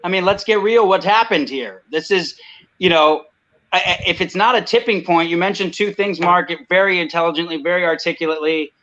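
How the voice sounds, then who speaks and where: Impassioned man, high bright voice, muffled lo-fi call audio, speaks with heat and emphasis. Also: brisk. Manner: heated, emphatic, repeats "I mean" and "you know". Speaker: guest. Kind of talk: impassioned video call talk. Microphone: video call.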